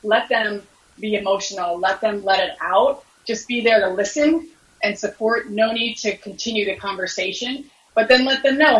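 A woman's voice: mid-range voice, normal speed, a bit bright, poor audio. A woman talking earnestly in a podcast discussion, explaining how to handle emotions in sport.

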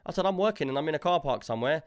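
A man's voice: on the high side, very fast, clean tone. A man telling a long story in casual chat, quoting the people he argued with. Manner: animated storytelling, quotes others in dialogue.

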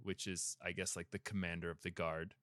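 Bright-voiced man recapping a movie. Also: deep voice, level tone, dry recording, clean studio sound. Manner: rambling storyteller with fillers and quick character asides. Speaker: podcast host. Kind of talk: casual movie recap chat.

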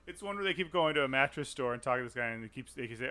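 A man chats on a podcast with a strikingly bright, tense-edged voice. He leaps into enthusiastic tangents and recounts sketches with gusto, and he is quick to poke fun at himself. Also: medium pitch, animated. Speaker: podcast co-host. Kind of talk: casual podcast chat.

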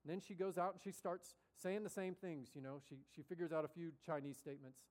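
Speaking quickly in a fairly high voice, a man preaches by telling a story. His delivery is animated and conversational, and he performs the voices of the story's characters.

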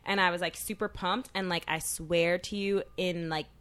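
A woman's voice: fairly low pitch, fairly even intonation, normal speed, a bit bright, clear, resonant tone. Young adult woman, emotional storyteller, casual co-host. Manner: chatty, emotional, many "like" fillers. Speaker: podcast co-host. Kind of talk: casual chat.

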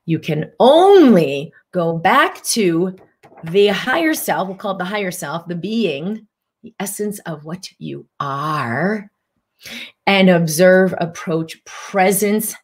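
A middle-aged woman giving a live-streamed spiritual teaching talk, animated, acting out inner voices. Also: lowish voice, slow pace, breathy edge.

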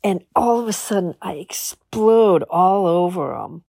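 A woman's voice: fairly low pitch, lively intonation, a little slow, gravelly, dark tone, dry recording. A woman from New Jersey hosting a podcast, telling a frank, bawdy story in a casual way. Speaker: podcast host.

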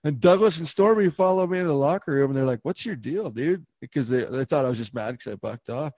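A young man co-hosting a podcast, telling a story casually, swearing, laughing and shouting out quoted lines. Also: mid-range voice, quick pace, no echo. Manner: profane, laughing, animated retelling. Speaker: podcast co-host.

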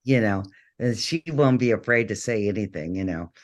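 A man's voice: lowish voice, expressive, normal speed. Rambling middle-aged man telling stories. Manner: rambling, many fillers and restarts. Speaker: guest. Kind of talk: casual interview storytelling.

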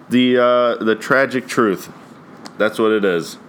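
Speaking slowly at a medium pitch, a mid-twenties man from Ohio runs his own laid-back podcast in a somewhat bright voice. He rambles, swears, laughs a lot, and keeps saying "like" and "dude." There's slight background noise.

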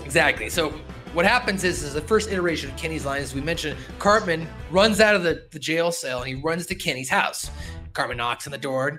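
A man hosting a podcast, recapping a cartoon episode in animated, laughing storytelling. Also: fairly high pitch, a little fast, soft background music. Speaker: podcast host.

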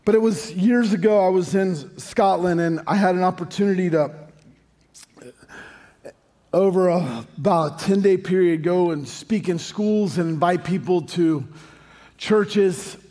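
High-voiced American pastor preaching in a hall. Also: male voice, a little slow, mellow. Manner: storytelling, joking asides, rising to sung emphasis. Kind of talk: sermon. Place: large church hall. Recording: long hall reverb, faint music.

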